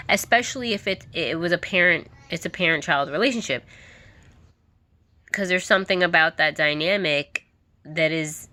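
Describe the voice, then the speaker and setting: A woman's voice: low voice, bright, forceful tone. A woman vlogger giving an emphatic, candid monologue to camera. She often repeats herself and laughs now and then.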